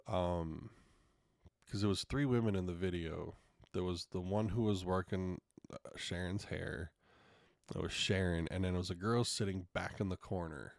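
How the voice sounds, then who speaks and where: This podcast host's low voice has vocal fry and a slightly mellow quality as he tells stories in casual solo talk. He's frank and a bit profane, acting out quotes, and the clean studio sound has no echo.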